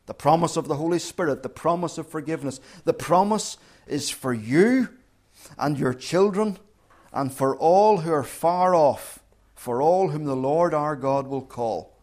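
A man preaching a sermon as pastor, slow and emphatic, repeating key phrases. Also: fairly high pitch, a little mellow. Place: church during communion service.

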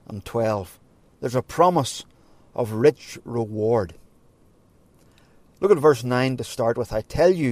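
A man preaching a sermon, earnest and measured, leaning on pauses and rising to emphatic moments. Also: mid-range voice, mellow, no room sound.

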